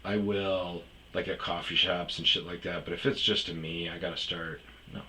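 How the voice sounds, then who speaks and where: A man's voice: sits low, fairly even intonation, moderate pace, few pauses, pushed and bright, a little hiss or hum, rough recording. A man telling a personal story in casual, rambling talk, swearing often and filling gaps with ums and uhs. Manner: rambling, heavy swearing, many fillers. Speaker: storyteller host.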